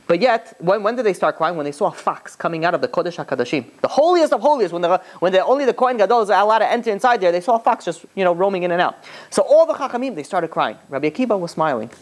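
A man's voice: high voice, sing-song, racing. A man, a rabbi, retelling a rabbinic story as a class in a loose, chatty way with frequent restarts and asides. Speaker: rabbi teaching.

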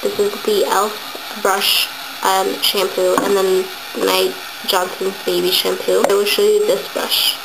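A woman's voice: mid-range voice, little pitch movement, slow, creaky. A young woman talks through a makeup tutorial in a loose, chatty way, full of fillers and asides. Her voice sounds nasal and blocked up from a lingering cold. A faint hiss of background noise sits under the recording. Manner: chatty, rambling, many "um" and "like" fillers. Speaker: beauty vlogger.

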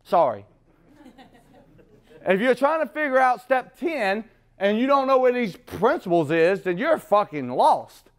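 This middle-aged man's voice is very high, with big pitch swings and an unhurried delivery. Speaking at a recovery meeting, he rambles bluntly, swears freely and laughs at himself in profane recovery talk.

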